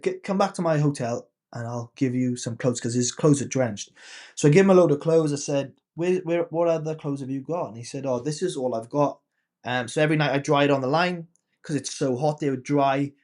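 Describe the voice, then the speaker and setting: A man's voice: mid-range voice, a little mellow. A man in his thirties, a podcast guest and coach, casually telling a personal story and acting out the quoted dialogue.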